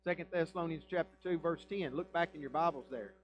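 A man, a pastor preaching a sermon in a church with emphatic rhetorical questions and swings between loud and quiet. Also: fairly high pitch, fast, lo-fi sound, soft background music. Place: church sanctuary.

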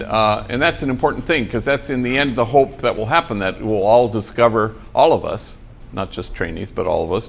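Inside the building of the program he leads for former gang members, a priest inspires trainees with a story told in dry folksy humor sprinkled with Spanish slang. He has a fairly low, gravelly voice, and there's slight background noise.

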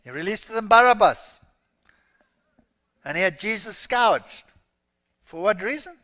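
Preaching a sermon, a high-voiced man with a bright, ringing edge reads scripture emphatically and rises into loud exclamations. His intonation is lively, his pace measured, and a large hall lends his voice a long reverb.

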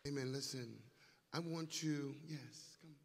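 A man emceeing a church concert, calling out to the congregation and building it into shouts and call-and-response. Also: on the high side, steady tone, a little slow, noisy background. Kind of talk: hyping up a church concert crowd. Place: large church sanctuary. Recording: long reverb in a large hall.

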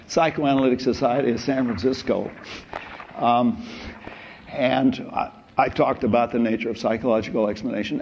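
An older male professor lectures in a loose, anecdotal way, drifting into wry stories and side remarks. His voice sits at a middle pitch. The recording is dull and lo-fi, with a faint hiss under it. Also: darkish tone. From United States. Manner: wry, rambling, chuckling asides. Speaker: philosophy professor. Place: lecture hall.

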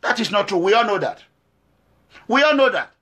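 High, bright-voiced Nigerian man ranting. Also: big pitch swings, normal speed, breathy edge. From Nigeria, Edo State. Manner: emphatic, repetitive, full of rhetorical questions. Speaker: activist. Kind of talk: impassioned monologue to camera.

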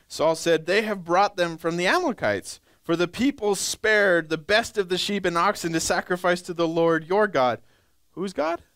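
Smooth-voiced male preacher, dry close sound. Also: fairly bright tone, dry recording. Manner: reads scripture slowly, then acts out pleading churchgoers in a high voice. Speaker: pastor. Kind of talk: sermon.

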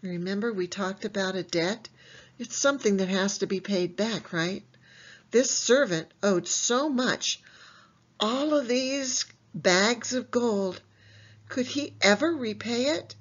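A woman teaching a Bible lesson to young children in an animated way, asking them questions and answering them herself. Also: mid-range voice, takes it slowly, lo-fi sound.

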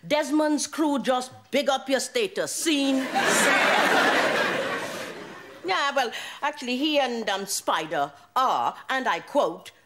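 A wry, scolding wife and mother from Guyana in a sitcom. Her voice is high and lively, she talks unhurriedly, and the old TV audio is very noisy. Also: a little slow, hardly any pauses, over music. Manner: dry, scolding.

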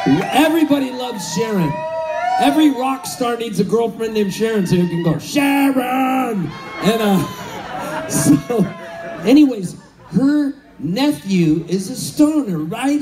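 A man in his fifties telling comic stories between songs on a concert stage, animated and shouting out his punchlines. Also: high voice. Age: 50s. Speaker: singer-songwriter on stage. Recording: live concert audio from a distance.

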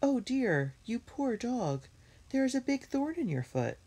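Storybook older sister, gentle and caring, woman reader. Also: low voice, animated, brisk, vocal fry, husky, full character voice. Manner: gentle, orderly. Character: kind, motherly older sister girl. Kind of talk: storybook read-aloud.

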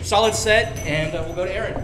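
A man giving judge's feedback at a comedy contest in a dry, joking, relaxed way. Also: high-pitched, fast, background noise.

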